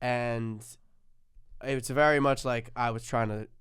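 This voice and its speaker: Smooth, bright male podcast co-host. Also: mid-range voice, steady tone, slow, dry recording, clean studio sound. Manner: teasing, questioning. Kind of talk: casual chat.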